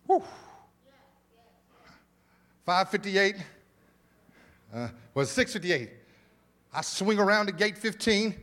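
A man preaching a sermon as pastor in a church, animated, with repeated words, exclamations and casual asides to the congregation. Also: sits high, slow pace, pauses often. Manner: informal, conversational asides to the congregation. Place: church sanctuary.

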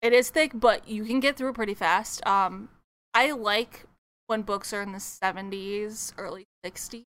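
A young woman co-hosting a podcast, chatting casually and excitedly about books she has read. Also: medium pitch. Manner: bubbly, chatty, quick laughs. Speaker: podcast co-host. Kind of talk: casual book chat.

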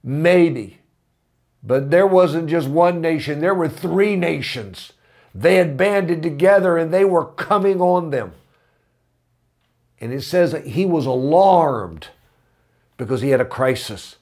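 Slow, earnest preacher man. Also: a little high, darkish tone. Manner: earnest storytelling that rises to impassioned emphasis. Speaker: pastor. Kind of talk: sermon.

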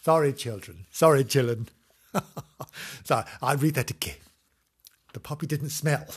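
A man's voice: medium pitch, measured pace, husky. A man reading a children's storybook aloud in a camp, theatrical way, breaking off into comic asides and sorry-children apologies. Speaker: comic reader.

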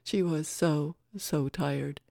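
A woman narrating a novel in a measured, even reading manner. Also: low voice, vocal fry, dry recording, studio quality. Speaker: audiobook narrator. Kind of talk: scripted narration.

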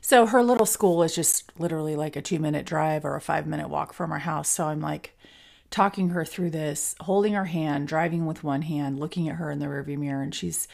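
A middle-aged woman speaks in a low, deeply gravelly voice full of vocal fry. She hosts a podcast and tells a personal story in a candid, reflective way. Her talk is loose and full of fillers and restarts. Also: fairly quick, darkish tone. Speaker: podcast host.

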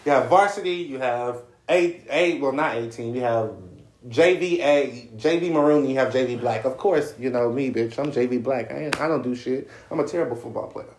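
A man telling a long story in casual podcast chat, profane and animated, slipping into voices for other people. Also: mid-range voice, normal speed, a little hiss or hum. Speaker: podcast co-host. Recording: echoey room.

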